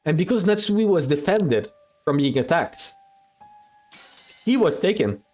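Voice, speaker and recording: A man reads a visual novel aloud on stream, his fairly high voice bouncing up and down with lively pitch. He keeps stopping the narration to chat and swear casually. Faint music plays under him. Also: unhurried.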